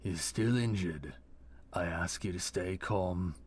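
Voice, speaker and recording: A man voicing a calm, measured knight. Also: low-pitched, breathy edge, full character voice. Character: calm armored male knight lieutenant.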